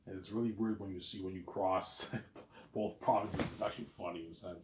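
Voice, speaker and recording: Low and steady, a little fast, a man who lives in Quebec, Canada, vlogs in a loose, rambling monologue. He repeats himself and keeps ending lines with "obviously", while the sound is roomy and the background noisy.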